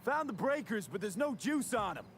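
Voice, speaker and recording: A man's voice: sits high, big pitch swings, moderate pace, a little hiss or hum. An actor voicing a laconic man mercenary in a video game, speaking in terse, matter-of-fact bursts.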